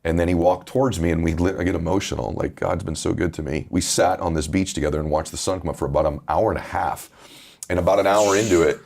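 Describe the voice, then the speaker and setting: A man with a deep voice, talking candidly as a guest author in a casual interview. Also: steady tone, fast talker, gravelly, darkish tone. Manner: earnest, candid storytelling.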